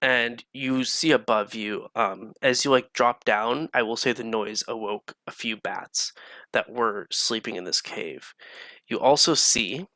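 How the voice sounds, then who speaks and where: A man's voice: mid-range voice, unhurried, pushed and bright, no echo. A man running a tabletop game as game master, describing scenes casually with lots of fillers.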